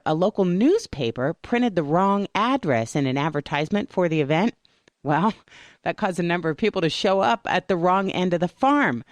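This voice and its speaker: A woman's voice: lowish voice, dry recording, studio quality. A woman reading a scripted radio news update with punny, jokey asides. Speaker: news reader.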